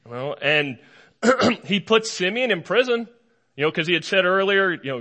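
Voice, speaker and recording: A middle-aged male pastor delivers a lighthearted sermon, joking his way through an old story. His voice is bright and forceful and sits a little high for a man. He slips into quick acted-out lines of dialogue as he tells it. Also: animated. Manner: playful storytelling with acted-out quotes. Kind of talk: humorous sermon.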